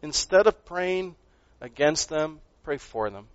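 Male pastor, fairly high voice, earnest sermon delivery with loud peaks and hushed drops; dull, dry recording. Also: expressive, slow, no echo. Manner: earnest, swings between loud emphasis and quiet asides, repeats words.

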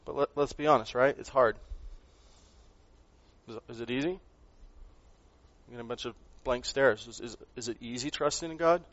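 A man preaching a sermon, earnest, rising to loud emphasis and dropping to quiet asides, often repeating words as he goes. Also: mid-range voice, moderate pace, long pauses, no echo, muffled recording. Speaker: pastor.

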